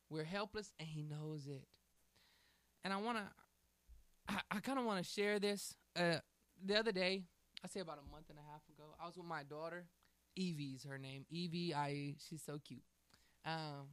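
A man's voice: fairly high pitch, a bit bright, smooth, no room sound. A man hosting a faith talk, telling a family story in an earnest, preaching way. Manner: earnest storytelling, acts out quoted voices.

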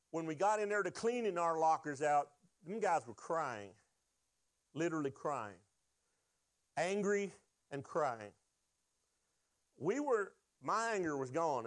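A man's voice: a little high, no echo. A man preaching a sermon, telling a personal testimony in an earnest storytelling way and drawing out his key phrases. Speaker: pastor.

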